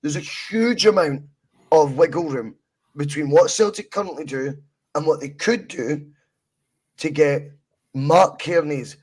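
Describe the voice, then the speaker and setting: A man's voice: on the high side, measured pace, husky. Laughing Scottish man, football podcast. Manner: laughs often, swears, animated. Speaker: podcast co-host. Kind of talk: casual football podcast chat.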